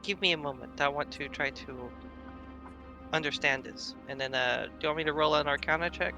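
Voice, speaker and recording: A man playing a tabletop game, talking in a hesitant, halting way. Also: on the high side, music in the background. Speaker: player. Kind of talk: casual game chat.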